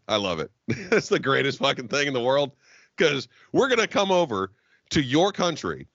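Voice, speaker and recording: An American man co-hosts a casual podcast, ranting loudly and profanely with a bright, forceful voice that swings all over its range. The sound is dry and a little dull, like a lo-fi recording. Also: medium pitch, dry recording. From United States. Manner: profane, rowdy ranting with laughter. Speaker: podcast co-host. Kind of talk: casual chat.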